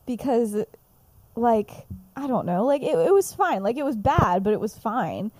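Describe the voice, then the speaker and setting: A young woman with a fairly high but mellow, dark-toned voice, chatting on a podcast with a close, dry mic. She is animated and giggly. She keeps jumping into the characters' lines as she retells her story. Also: unhurried, no echo. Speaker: podcast co-host. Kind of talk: casual chat, retelling her own story.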